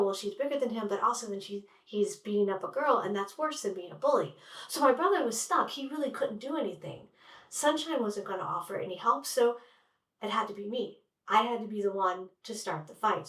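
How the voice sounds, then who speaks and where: Wry woman telling a story, roomy. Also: a little high. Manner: wry, conversational, with lots of "like". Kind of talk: personal storytelling. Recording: roomy sound from a distant mic.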